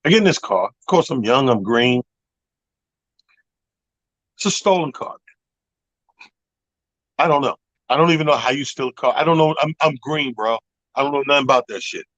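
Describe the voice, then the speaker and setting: A man co-hosting a radio talk show, telling a profane, animated story in casual chat. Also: mid-range voice, normal speed, pauses often, dry recording, lo-fi sound. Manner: animated, profane, acts out other people's voices. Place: radio studio. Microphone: studio microphone.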